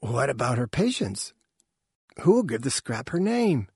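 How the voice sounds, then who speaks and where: A man voicing an anxious female alien with fur and a pouch, raising his voice slightly and speaking softly and hesitantly. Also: mid-range voice, sing-song, measured pace, breathy edge, no echo, studio quality, pitched above the performer's own voice, exaggerated voice. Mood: confused. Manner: worried, hesitant, soft-spoken.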